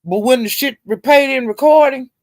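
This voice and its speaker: A woman hosting a casual livestream, calling out viewers by name, laughing often, cursing freely and swinging between loud outbursts and low mutters. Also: moderate pace, no echo, studio quality. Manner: talks straight to chat viewers by name, laughs a lot, heavy cursing. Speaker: livestream host.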